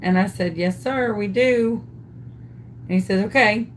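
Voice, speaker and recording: A woman's voice: mid-range voice, measured pace. Woman vlogger, chatty and self-amused storyteller, mid-range voice, faint room hiss. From Louisiana. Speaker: craft vlogger. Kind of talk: storytelling while crafting.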